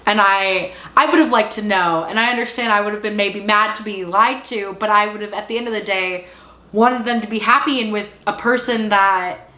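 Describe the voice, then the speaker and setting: A woman's voice: mid-range voice, bright, forceful tone, reverberant. A woman casually recapping and reviewing a TV series, chatty and full of "like," and openly invested in the story. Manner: chatty, fills speech with "like"; emotionally invested, exclaiming. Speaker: TV show reviewer.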